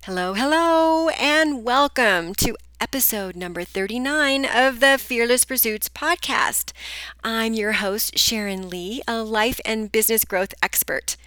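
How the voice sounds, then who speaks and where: Slow, bright-voiced woman podcast host. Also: a little high, clean tone. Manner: upbeat, chatty, addresses listeners directly. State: groggy. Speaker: podcast host, business coach. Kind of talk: solo podcast talk.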